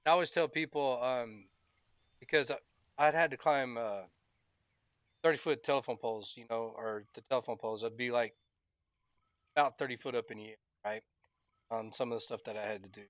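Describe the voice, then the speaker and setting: A man's voice: mid-range voice, steady tone, a little fast, pauses often, no echo. Laid-back man telling rambling stories. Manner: laid-back rambling storyteller, laughs often. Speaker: streamer playing a fishing game. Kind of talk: casual chat while gaming.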